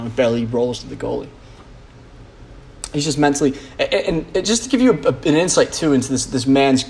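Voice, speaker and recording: A man's voice: medium pitch, a little mellow. A man, a podcast host, rambling in a casual monologue, blunt and profane, full of "like" and restarts.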